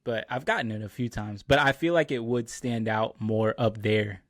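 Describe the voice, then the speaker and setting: Recorded in studio quality with no room sound, a man with a fairly low voice speaks at normal speed. He hosts a podcast, chatting casually and telling stories as a relaxed storyteller who says "like" and "bro" a lot.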